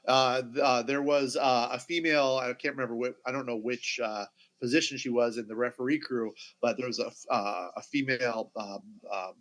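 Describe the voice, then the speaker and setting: A middle-aged man co-hosting a sports podcast, talking casually and haltingly with many fillers and restarts. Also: medium pitch, steady tone, fairly bright tone, low-quality recording. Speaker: podcast co-host.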